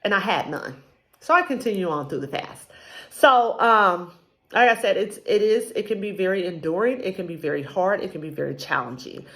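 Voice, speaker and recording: A woman's voice: mid-range voice, animated, normal speed, fairly bright tone. A married woman sharing a personal faith testimony in a casual, rambling way, with frequent ums. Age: adult, married with a child. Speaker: vlogger sharing a faith journey.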